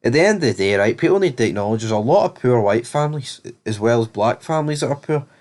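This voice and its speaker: A man's voice: medium pitch, lively intonation, quick pace, a little mellow. A man hosting a casual TV episode review, rambling and blunt with lots of fillers. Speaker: TV review host.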